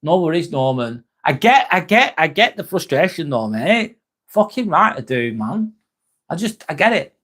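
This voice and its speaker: An English man talks through a relaxed livestream, answering his viewers' comments one by one and calling them by name. He is laid-back and loose, dropping the odd swear word, and his voice sits a little higher than most men's. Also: moderate pace. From England. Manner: chatty, greets viewers by name, swears casually. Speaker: live streamer.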